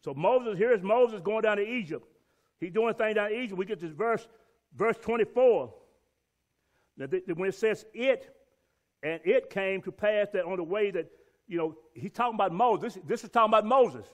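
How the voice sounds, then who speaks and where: A man's voice: high voice, moderate pace. A man teaching a Bible lesson and reading scripture aloud, emphatic and repeating key words for stress.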